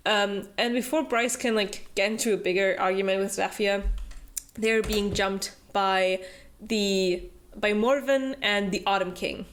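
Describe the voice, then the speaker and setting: A woman's voice: mid-range voice, measured pace. A young woman summarizing a book for her club in loose, casual chat. She fills the talk with fillers and breaks into little acted voices for each character, laughing along the way. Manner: chatty, filler-heavy, acts out character quotes with laughs.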